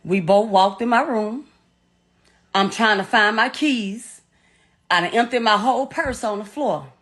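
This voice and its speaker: A woman's voice: medium pitch, a little slow, a bit bright. A middle-aged woman giving a personal account in an interview, talking bluntly and emotionally, with swearing and frequent repetition. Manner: emotional, blunt and profane, repeats herself as she recounts.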